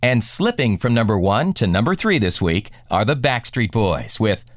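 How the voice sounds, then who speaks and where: A man hosting a radio countdown show, reading scripted song intros in a smooth announcer delivery. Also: lowish voice, big pitch swings, moderate pace, no echo, clean studio sound.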